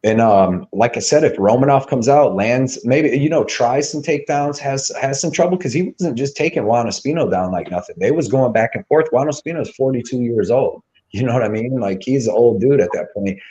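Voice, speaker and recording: A man's voice: mid-range voice, fairly quick, few pauses, warm tone, lo-fi sound. A man co-hosting a live betting show, talking fight picks in a loose, rambling way with lots of "dude" and "you know what I mean.". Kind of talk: casual sports betting chat.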